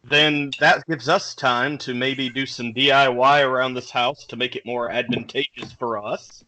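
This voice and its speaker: A man playing in a tabletop game, narrating his character's actions in an animated way. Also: medium pitch, a little slow, slight background noise, rough recording. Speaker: player. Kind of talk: casual tabletop game talk.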